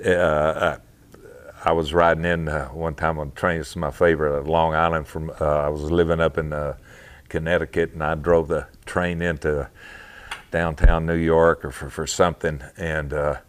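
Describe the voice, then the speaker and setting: A very low-voiced man recounts old memories in a casual interview. He talks in a halting, rambling way, full of fillers and restarts, and breaks into laughter often. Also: little pitch movement. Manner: laughs often while telling stories. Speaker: interview guest, former wrestler.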